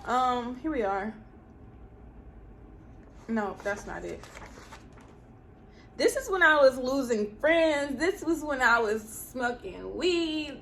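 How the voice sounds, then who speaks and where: A young woman talks straight to her viewers in a casual vlog. Her voice sits a little high, and she gives earnest, preachy advice. A faint hiss runs under the recording. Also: lively intonation, slow pace, vocal fry, long pauses, fairly bright tone. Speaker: vlogger.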